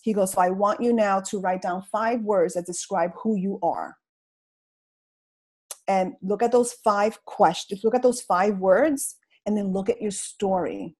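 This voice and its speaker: A middle-aged woman telling her story on a video call, in a comical, slangy, animated way. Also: mid-range voice, unhurried, husky, low-quality recording. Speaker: guest speaker sharing her story. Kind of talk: casual motivational talk on a video call.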